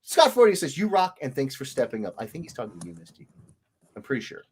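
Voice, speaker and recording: A talkative illustrator runs a relaxed livestream, his mid-range voice coming fast over slight background noise. His intonation swoops up and down throughout, and he hails each commenter with a playful sing-song.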